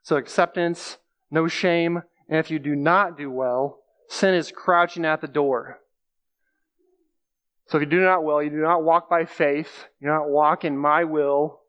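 A man preaching in a relaxed, conversational way, with a voice pitched a bit high for a man. He walks through scripture plainly, circles back on key phrases and reaches for everyday examples. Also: clean tone. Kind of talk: conversational sermon.

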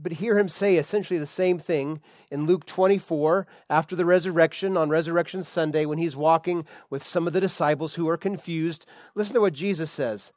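A man preaching a sermon as pastor, reading scripture slowly with emphasis and often restarting his phrases. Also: on the high side, darkish tone, no echo, studio quality.

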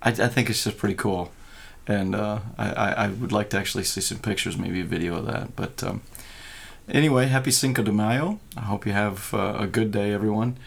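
Gravelly low-voiced man chatting. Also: fairly quick. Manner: jokey, rambling, laughs often. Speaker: podcast host. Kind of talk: casual chat.

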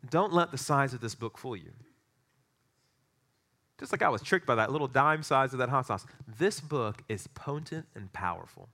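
A middle-aged man preaching a sermon, telling a story with animated, excitable energy. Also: medium pitch. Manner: storytelling, animated, rising to excited peaks in anecdotes. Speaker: pastor.

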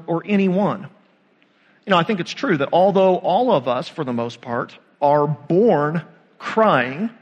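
A pastor delivers a sermon in a relaxed, conversational way, asking his listeners questions and pausing for effect. His voice sits a little high for a man and carries a long reverb from the church sanctuary around him. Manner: conversational, with dramatic pauses and rhetorical questions.

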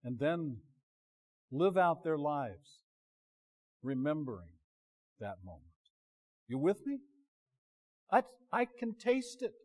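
A man preaching a sermon in a conversational way, often stopping himself mid-phrase and dropping to a quiet voice for emphasis. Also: a little high, sing-song, takes it slowly, pauses often. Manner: conversational, self-interrupting, drops to quiet emphasis.

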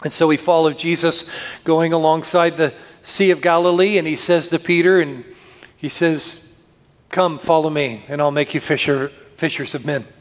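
A man pastor preaching a sermon, earnest and slowing down to lift his voice for scripture, recorded in a church. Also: a little high, steady tone. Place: church sanctuary. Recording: long reverb of a church hall.

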